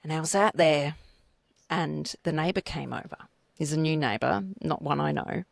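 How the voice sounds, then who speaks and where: A woman's voice: low-pitched, moderate pace, gravelly, dry recording. An Australian woman co-hosting a casual chat show, telling stories bluntly and with plenty of swearing. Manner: animated, blunt storytelling with swearing. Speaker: podcast co-host.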